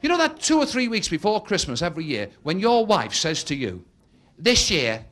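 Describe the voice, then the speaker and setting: A man's voice: high-pitched, huge pitch swings, brisk. A man doing a stand-up comedy routine, telling stories and acting out characters in shifting voices, recorded live before an audience. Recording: live show with loud audience laughter. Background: audience laughing.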